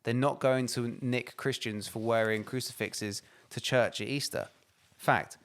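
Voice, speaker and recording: A man's voice: medium pitch, steady tone, measured pace, a bit bright. A man co-hosting a podcast, ranting and swearing emphatically in casual chat. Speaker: podcast co-host.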